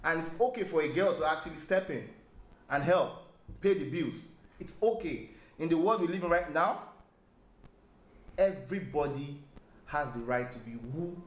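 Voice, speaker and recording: A man in a casual podcast debate, animated and argumentative, cutting in to make his point. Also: fairly high pitch, normal speed, pauses often, roomy sound. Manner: animated, argumentative, jumps in loudly. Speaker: podcast guest.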